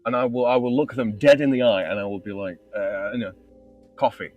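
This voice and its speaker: A man's voice: medium pitch, quick pace, a little mellow, dull audio, soft background music. A man chatting casually as a guest, swearing freely in mock-outraged banter. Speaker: co-host guest. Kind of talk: casual chat.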